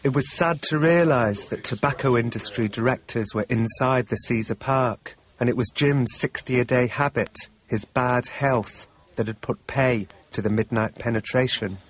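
A man narrating a documentary in the first person, in a wry, measured way. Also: mid-range voice.

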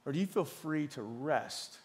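A man's voice: fairly high pitch, expressive, a little slow, a little mellow. A man in his thirties preaching a sermon in a conversational way, often repeating words as he goes. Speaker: pastor. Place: church.

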